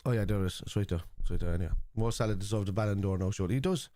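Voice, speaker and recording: A man's voice: fairly low pitch, very fast, warm tone. An Irish man hosting a live football watchalong, chatting casually and reading out viewer messages in a blunt, opinionated way. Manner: blunt and opinionated, swears freely. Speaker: livestream host reacting to a football match.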